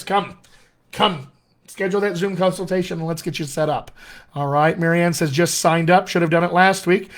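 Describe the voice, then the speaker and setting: A man coaching accents on a casual livestream, talking straight to his viewers in a friendly, salesy way and reading out their comments. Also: on the high side. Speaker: dialect coach.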